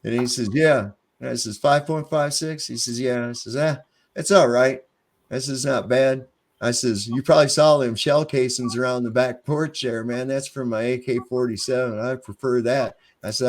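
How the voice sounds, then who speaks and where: A man's voice: medium pitch, fairly even intonation, normal speed. A middle-aged man telling a story in casual conversation, swearing freely and acting out both sides of a confrontation in a defiant tone. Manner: profane, defiant, acts out both sides of the exchanges.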